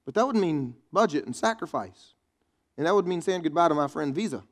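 A pastor preaching a sermon in a chatty, joking way, teasing the congregation. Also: male voice, on the high side, expressive, fairly quick. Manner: conversational preaching with quips to the congregation.

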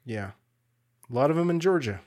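A man's voice: on the high side, expressive, normal speed, a little mellow. Laid-back man swearing casually. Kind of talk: casual political chat.

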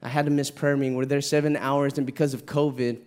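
A man's voice: level tone, fast talker, darkish tone, clean tone. A middle-aged man, a pastor preaching a heartfelt sermon, earnest, stumbling and repeating words as he tells a personal story. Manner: earnest, repeats words when moved, rises to an impassioned pitch in the story.

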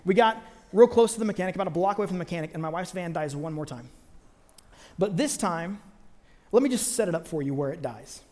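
A man telling a long personal story in a sermon, animated, acting out the people he quotes. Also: sits high, quick pace, big-room sound.

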